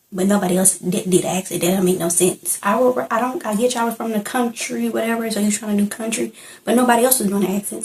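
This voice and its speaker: A woman's voice: medium pitch, a little mellow, low-quality recording. A young woman chatting casually in a reaction vlog, rambling and laughing as she reviews a film. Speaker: movie reviewer.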